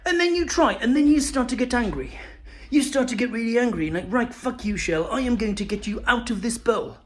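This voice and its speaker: A man doing an impression of an excitable, fussy male stand-up comedian who gets breathless and shrill as he rants. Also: a little fast. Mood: exasperated. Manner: breathless, exaggerated, rising to shrill peaks.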